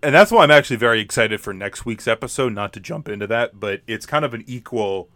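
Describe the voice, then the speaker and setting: A man co-hosting a movie podcast, chatting casually and pitching listener questions. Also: animated, fast talker, fairly bright tone, no room sound. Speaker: podcast co-host. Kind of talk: casual chat.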